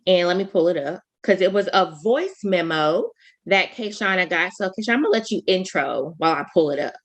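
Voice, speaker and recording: A woman's voice: fairly low pitch, expressive, a little fast. A woman co-hosting a podcast in casual chat, talking straight to listeners with emphatic rhetorical questions. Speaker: podcast co-host.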